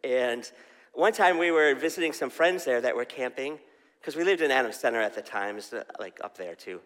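A man's voice: mid-range voice, lively intonation, moderate pace, fairly bright tone. A man preaching a casual, story-driven sermon, often asking the crowd questions. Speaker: pastor. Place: church hall. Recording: long hall reverb.

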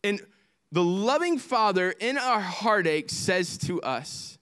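A man preaching a sermon as pastor, swinging from impassioned highs to hushed lows. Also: animated, measured pace.

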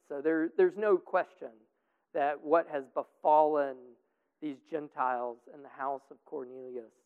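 A man leading a group Bible study discussion in a casual, rambling way with many fillers, heard over a tinny, echoing line. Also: mid-range voice. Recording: tinny phone-like line with long reverb.

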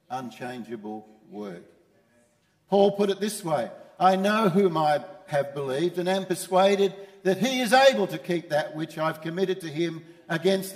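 A man's voice: sits high, long reverb tail. A man preaching a sermon as pastor, emphatic and repeating his key phrases. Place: church.

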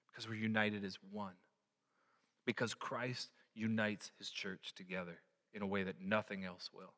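A man preaching a sermon as a pastor, animated and building to loud emphatic peaks. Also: medium pitch. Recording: echoey hall.

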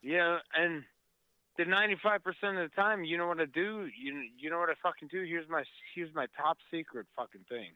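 A man's voice: a little high, clean tone, no echo, narrow, tinny audio. A man telling travel stories in casual chat, rambling and swearing with many fillers. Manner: rambling, profane, halting with fillers.

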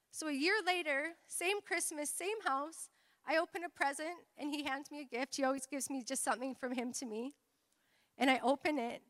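Woman preacher, high bright voice, lots of amens, big reverby church hall. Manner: personal storytelling with call-and-response amens. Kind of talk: sermon.

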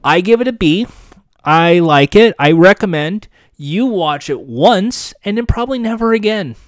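A man's voice: high-pitched, lively intonation, normal speed, no room sound. A man hosting a podcast in casual chat, candid and sarcastic, swearing freely. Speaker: podcast host.

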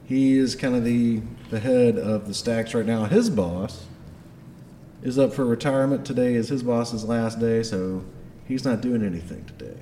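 A laid-back man narrating a tabletop game as game master, with a dark, mellow voice. His voice rings in a reverberant room, with a faint hum of ambience behind. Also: medium pitch, moderate pace. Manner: laid-back, rambling storytelling.

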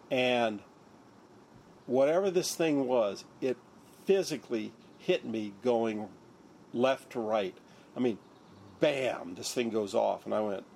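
An older man, a neurosurgeon, tells his story as an interviewee, acting out other people's lines as he goes. His mid-range voice is creaky and darkish in tone, with a little hiss or hum in the recording.

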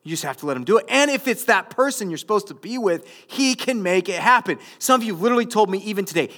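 A male pastor in his thirties preaching a conversational, jokey sermon that builds to loud, emphatic stretches. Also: high-pitched, big pitch swings, fast, hardly any pauses. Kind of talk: sermon to a young adult group.

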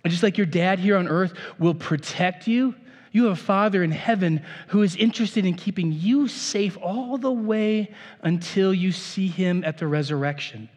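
A man's voice: sits high, moderate pace, darkish tone, long reverb tail. A man preaching a sermon as pastor in a casual, conversational way, often restarting his phrases.

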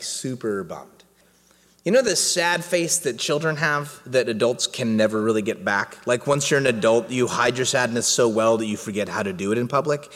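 A man's voice: mid-range voice, a bit bright. A man preaching casually to a congregation, telling a family story with humor and asking the room questions. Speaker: pastor. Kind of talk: sermon with audience interaction. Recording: hall reverb.

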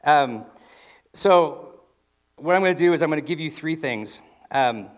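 A man's voice: on the high side, lively intonation, measured pace. A man preaching a sermon in a church, telling a story in a conversational way with frequent restarts. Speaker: pastor.

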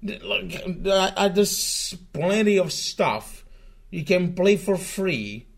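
A male streamer whose voice sits a little high. He rants casually and profanely, tripping over restarts and repeating himself as he goes. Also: animated, slow, gravelly. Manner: profane, rambling, stumbling restarts. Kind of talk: casual ranting stream talk.

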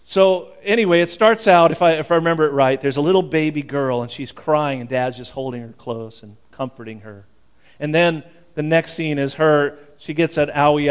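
A male pastor giving a sermon in a church, talking in an animated, conversational way, fervent and full of restarts. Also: fairly high pitch, clean tone.

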